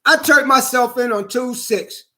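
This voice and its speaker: A man's voice: extremely high pitch, measured pace, pushed and bright, slight background noise. A man delivering a heated, indignant vlog monologue, repeating himself and swearing often. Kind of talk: angry personal vlog monologue.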